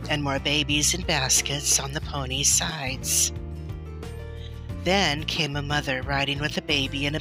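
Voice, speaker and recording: A woman reads a children's novel aloud in a gentle, expressive way. She takes it very slowly, letting each phrase settle. Soft music runs under her voice. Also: sits low. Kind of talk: storybook read-aloud.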